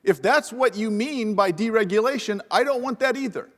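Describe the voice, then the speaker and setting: A male professor on a panel tells a story at his own expense, lively and wry, through a lapel mic. His voice sits a little higher than most men's. The sound carries a long echo from a large event hall. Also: normal speed. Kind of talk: humorous anecdotal talk at a panel event. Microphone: lapel microphone.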